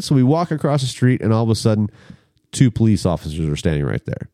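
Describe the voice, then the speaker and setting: A man telling a story in a casual chat, animated and acting out the people in it. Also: fairly low pitch, quick pace, clean tone, no room sound, studio quality.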